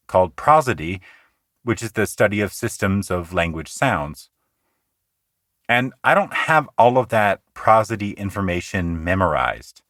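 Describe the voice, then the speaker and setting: A man with a fairly low voice leads a poetry lesson for his podcast. He is earnest and conversational, rushing through asides and slowing right down to sound out rhythms. The sound is dry and close, with no room around it. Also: a bit bright, no room sound. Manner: earnest, explanatory, slows down to recite lines rhythmically. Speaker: podcast host teaching poetry.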